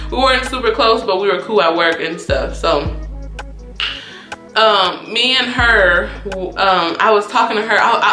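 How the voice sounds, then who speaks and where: A young woman telling a casual storytime vlog, animated and profane, acting out quoted dialogue with big jumps in pitch. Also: roomy sound. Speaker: YouTube storyteller.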